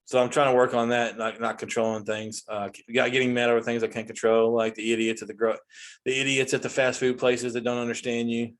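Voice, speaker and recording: A man in his forties ranting casually as a comedy host, exasperated and animated, with frequent restarts and self-interruptions. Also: mid-range voice, brisk. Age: 40s.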